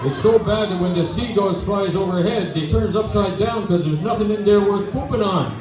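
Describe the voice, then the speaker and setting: A man's voice: high-pitched, normal speed, roomy sound, recorded from a distance, rough recording. A man with a Newfoundland accent doing stand-up in front of an audience, telling folksy jokes and talking with the crowd. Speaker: stand-up comedian. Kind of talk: stand-up storytelling in character. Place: event hall with an audience.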